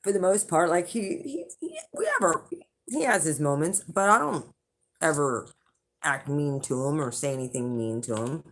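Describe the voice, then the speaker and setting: A woman with a fairly low-pitched voice tells a rambling, chatty story to her viewers. She swears freely, restarts her sentences and laughs along the way. Her delivery is loose and conversational. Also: sing-song, normal speed, a bit bright. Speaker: channel host, intuitive reader. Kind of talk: casual storytelling to the camera.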